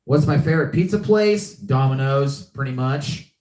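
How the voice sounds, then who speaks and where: A man's voice: mid-range voice, animated, normal speed, a little mellow, reverberant. A young man hosting a live podcast, chatting casually and often repeating himself. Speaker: podcast host. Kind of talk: casual live-stream chat.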